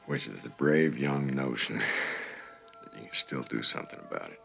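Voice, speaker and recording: Gravelly, world-weary border agent. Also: male voice, rumbling low, moderate pace, sharp tone, faint music behind, heavily acted. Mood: reflective. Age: middle-aged. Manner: world-weary, dry and understated. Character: older cynical male border patrol agent. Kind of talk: film dialogue.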